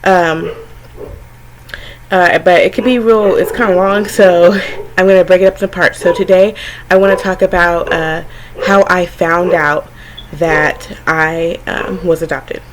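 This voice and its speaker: Young woman, lower register, casual to-camera storyteller, chatty and frank, heavy on "um" and "you know", acts out voices. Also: fairly even intonation, a little slow, a little hiss or hum, poor audio. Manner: acts out her younger self and family in quotes. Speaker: vlogger.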